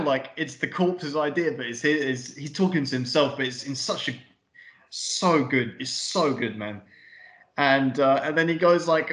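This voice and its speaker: Excited guy gushing about a movie on a podcast, swears a lot, room echo. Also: mid-range voice, normal speed. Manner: enthusiastic, swears casually, acts out scenes. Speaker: podcast co-host. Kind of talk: casual film review chat.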